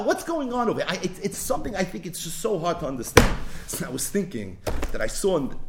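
A man's voice: mid-range voice, noisy background. A man teaching a religious class, telling a story animatedly and weaving Hebrew phrases into his English. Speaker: Torah teacher.

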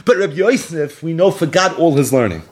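A man with a slightly high voice preaches through a story, his delivery impassioned and rising to emphatic peaks. He weaves Hebrew and Yiddish terms into his English as he speaks. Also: expressive, fairly quick. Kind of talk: storytelling sermon.

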